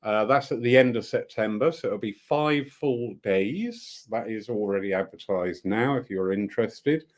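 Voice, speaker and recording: A man's voice: fairly low pitch, animated, normal speed, few pauses. A man giving a rambling, enthusiastic live update to viewers about upcoming events at his centre. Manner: warm, rambling, enthusiastic with frequent laughs. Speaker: spiritualist centre organiser.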